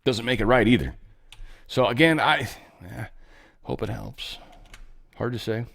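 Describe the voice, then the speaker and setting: A man's voice: medium pitch, measured pace, vocal fry, a bit bright. A man hosting casual political commentary, rambling, profane and sarcastic, with mocking asides.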